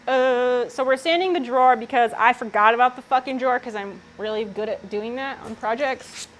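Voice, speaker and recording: A woman's voice: on the high side, fairly quick, a little hiss or hum, low-quality recording. A woman from Australia chatting casually on a live stream, swearing freely and answering chat while she works in a workshop.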